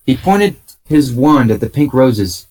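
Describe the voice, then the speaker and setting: A man reading story narration aloud to friends over a voice call, deadpan and mock-serious. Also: mid-range voice, unhurried. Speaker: reader. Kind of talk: comic group reading aloud.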